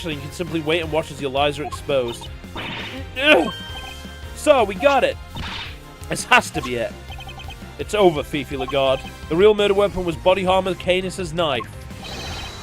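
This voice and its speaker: A man voicing a composed male prosecutor who speaks calmly and deliberately. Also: high-pitched, over music. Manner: calm, deliberate.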